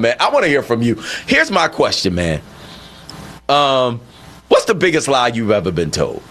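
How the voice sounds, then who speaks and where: A man hosting a radio talk show, talking in an animated, incredulous way that climbs to a high, emphatic pitch. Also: unhurried.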